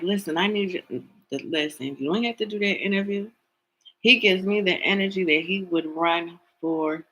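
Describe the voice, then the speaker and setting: A tarot reader speaks in an opinionated vlog commentary at a middling pitch. The voice carries a steady gravelly fry. Points land through emphatic repetition and rhetorical questions. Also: poor audio. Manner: emphatic, repeats words for stress.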